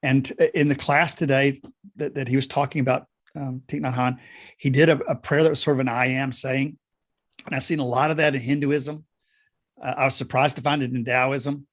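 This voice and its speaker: A male pastor loosely introducing a guest in a church service, talking with many pauses and restarts. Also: medium pitch, flat delivery. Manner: halting, with many fillers and restarts.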